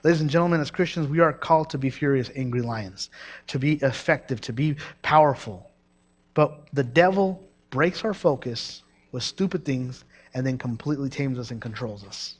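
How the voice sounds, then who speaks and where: A young Mexican man preaches a sermon with energy and storytelling flair, restarting lines and making asides to the congregation. His pitch is medium and his pace moderate.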